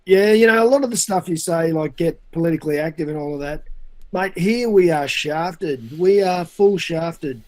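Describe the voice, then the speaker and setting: A man's voice: on the high side, normal speed, a little mellow. An Australian man calling in to a casual chat, laid-back and slangy. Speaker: caller.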